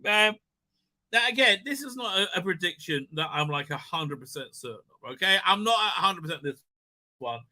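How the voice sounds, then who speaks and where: A man hosting a live stream, talking in a rambling, animated way, swearing and laughing often. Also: fairly high pitch, a little fast. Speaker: livestream host. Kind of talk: casual live-stream chat.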